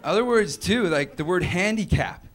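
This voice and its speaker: A man's voice: high-pitched, expressive, moderate pace. A young man doing a stand-up set on a club stage, rambling and offhand, slipping into acted-out voices. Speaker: stand-up comedian. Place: comedy club stage with a laughing audience. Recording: noisy club recording.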